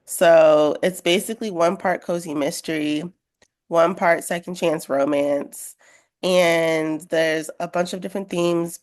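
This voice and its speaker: A woman author being interviewed on a podcast, sounding sleepy and talking in a relaxed, chatty way. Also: low-pitched. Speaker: guest author. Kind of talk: casual interview.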